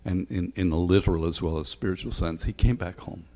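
A man's voice: sits low, fairly quick, mellow. A man preaching a sermon as a pastor, talking conversationally with frequent ums and a repeated refrain. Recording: long hall reverb.

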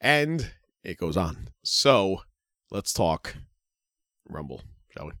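A man's voice: low voice, very animated, slow, a bit bright, no echo, clean studio sound. A man co-hosting a podcast in laid-back, rambling casual chat. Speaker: podcast co-host.

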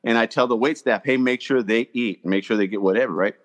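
Army vet golf pro guy telling a long story, gets loud when he quotes people. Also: medium pitch, fast talker. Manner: animated storyteller, acts out quotes loudly. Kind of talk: casual storytelling chat.

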